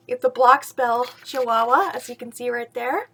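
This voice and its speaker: A woman's voice: fairly high pitch, unhurried, slight background noise. A woman reading a children's picture book aloud at bedtime, with chatty asides about the pictures and frequent laughs. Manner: lively, laughs often, points out pictures.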